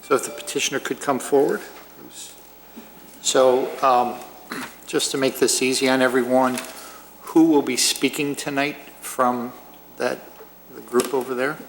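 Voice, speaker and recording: A man's voice: medium pitch, flat delivery, measured pace, long pauses, slight background noise. Man chairing a village meeting, easygoing. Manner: informal, lightly joking. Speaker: commission chairman. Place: municipal meeting chamber.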